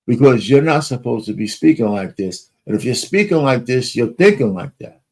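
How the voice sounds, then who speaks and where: A man's voice: medium pitch, animated, moderate pace, slightly rough. A man hosting a political podcast, commenting bluntly and emphatically between played clips. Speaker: podcast host.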